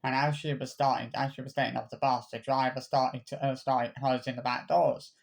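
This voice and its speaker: A man ranting to camera, halting and repeating himself, swearing freely. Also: mid-range voice, flat delivery, gravelly. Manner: halting, many stammered restarts and repeated words. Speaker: vlogger. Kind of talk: angry personal rant.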